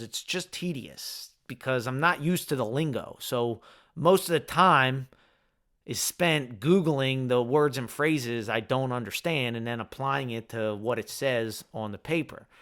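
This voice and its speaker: Profane, candid male podcast host. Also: fairly bright tone. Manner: candid and profane, swinging from heated ranting to low reflective musing. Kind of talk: solo podcast monologue.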